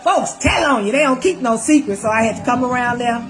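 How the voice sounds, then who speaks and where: High-voiced woman telling her life story. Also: brisk. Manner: animated, acts out voices of people in her story; Southern Black American vernacular, calls listener "baby". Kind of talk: casual personal storytelling.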